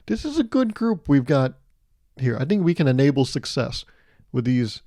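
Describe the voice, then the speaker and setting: A man's voice: mid-range voice, very animated, moderate pace, mellow, no echo, studio quality, natural voice. A man playing a newborn baby who speaks like a smug corporate manager giving an office pep talk.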